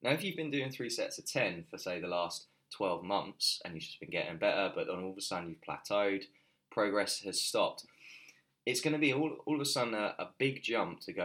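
A man with a deep voice explains training in relaxed podcast talk. He rambles a little, full of ums and self-corrections, like a coach thinking aloud. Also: fairly quick. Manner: loose and conversational, many fillers and restarts. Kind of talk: casual podcast chat.

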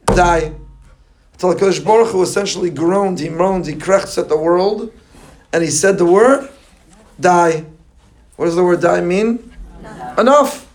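A man with a somewhat high voice delivers a sermon as a rabbi, lively and full of joking asides. He weaves Hebrew and Yiddish terms into his talk.

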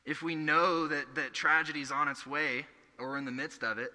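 Young male pastor, earnest storytelling sermon, bright tone, echoey church hall. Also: on the high side, steady tone, moderate pace. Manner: earnest, conversational preaching with storytelling.

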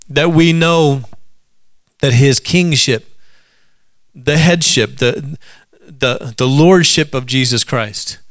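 A man preaching an Easter sermon, calling out questions to the congregation and rising to shouts. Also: a little high, no echo.

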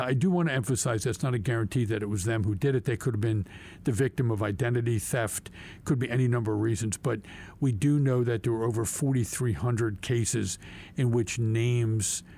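A man's voice: mid-range voice, moderate pace, warm tone. A man, a state representative, laying out bills in an emphatic policy discussion and repeating key words for stress. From Pennsylvania.

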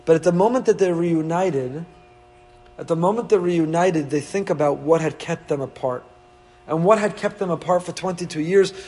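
A man's voice: high voice, darkish tone. A man, a rabbi giving an emphatic Torah sermon, full of rhetorical questions and rising with feeling.

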